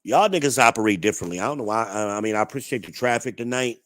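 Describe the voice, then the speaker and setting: A man's voice: lowish voice, expressive, racing, a bit bright. A man from New Jersey hosting a livestream, ranting to his chat in a blunt, profane, combative way. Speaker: livestream host. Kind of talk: ranting live-chat commentary.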